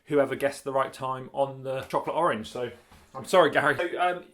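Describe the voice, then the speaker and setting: A man's voice: medium pitch, fairly quick, fairly bright tone. A man vlogging in casual chat, rambling, laughing often and correcting himself as he goes. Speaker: cycling vlogger.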